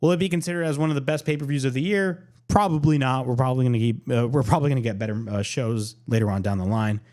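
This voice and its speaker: Podcast host guy going over last night's wrestling, excited, says stuff twice to hammer it home. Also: medium pitch, quick pace. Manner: animated, repeats himself for emphasis. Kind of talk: casual wrestling recap.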